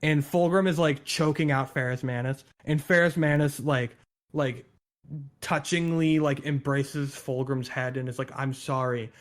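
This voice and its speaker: Excitable higher-voiced guy chatting. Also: unhurried. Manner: excitable, swears, tangents. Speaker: co-host explaining lore. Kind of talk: casual chat.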